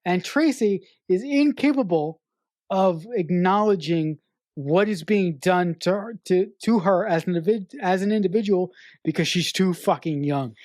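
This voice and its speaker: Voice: medium pitch, moderate pace, darkish tone, no room sound. A film podcast co-host argues a point in loose, emphatic chat, restarting sentences and swearing for weight. The voice sounds dry and close, with no room around it. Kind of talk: casual film review chat.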